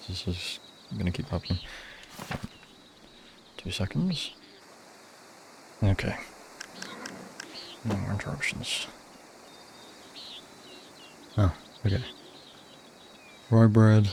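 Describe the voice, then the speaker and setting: A man's voice: low voice, a little mellow, slight background noise. A man streaming a game, chatting casually and muttering to himself as he plays. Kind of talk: casual gameplay commentary.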